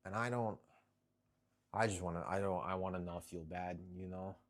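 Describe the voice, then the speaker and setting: A man's voice: low voice, steady tone, moderate pace. A man live-streaming from his home, chatting casually with viewers while working out and scolding his cats. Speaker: livestreamer. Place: home, kitchen corner.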